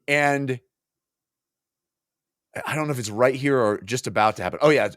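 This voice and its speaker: A man's voice: medium pitch, normal speed, a bit bright, dry recording, studio quality. A man co-hosting a podcast, retelling a book's scenes in casual, enthusiastic chat with plenty of fillers and restarts. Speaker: podcast co-host. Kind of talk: casual book discussion.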